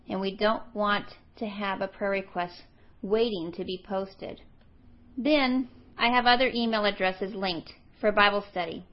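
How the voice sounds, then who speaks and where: A middle-aged woman teaching a women's Bible study, earnest and slowing down to stress her key questions. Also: medium pitch, lo-fi sound.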